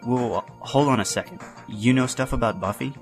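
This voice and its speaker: A man's voice: mid-range voice, normal speed, over music. A man hosting a podcast, reading an upbeat promo. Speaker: podcast host.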